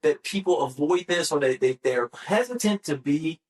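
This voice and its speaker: A man's voice: on the high side, animated, moderate pace, darkish tone. A man co-hosting a podcast in casual conversation, talking in loose, rambling sentences full of fillers and restarts. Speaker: podcast co-host.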